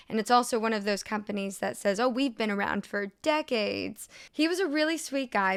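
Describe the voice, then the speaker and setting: A woman's voice: medium pitch, fairly bright tone, clean tone. A woman hosting a reading show who reads posts aloud and comments with sarcasm, laughing often. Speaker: host reading online posts.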